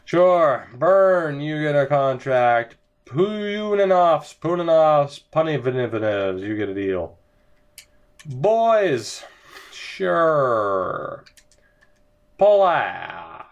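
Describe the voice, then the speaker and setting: Sarcastic, fed-up young gaming commentator. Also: male voice, fairly high pitch, big pitch swings, very slow, muffled recording. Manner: exasperated, sarcastic, rambling. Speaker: gaming video creator. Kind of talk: let's-play commentary.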